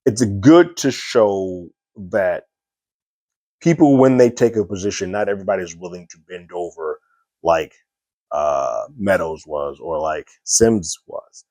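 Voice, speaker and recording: A man's voice: low-pitched, unhurried, darkish tone, no room sound. A man giving a casual spoken review of a TV episode, recapping scenes loosely with lots of fillers and quoted dialogue.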